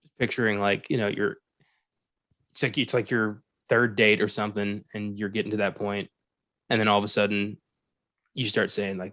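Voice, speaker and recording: A man's voice: fairly low pitch, level tone, moderate pace, pauses often, pushed and bright, dry recording. Man, podcast co-host, sarcastic movie roasting, laughs a lot, swears, dry dead sound. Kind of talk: casual movie review chat.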